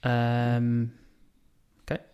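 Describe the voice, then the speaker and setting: A man's voice: medium pitch, completely flat delivery, very slow, darkish tone, smooth. A man co-hosting a casual podcast, giving short, dry, laconic replies. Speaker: podcast co-host. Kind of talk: casual chat.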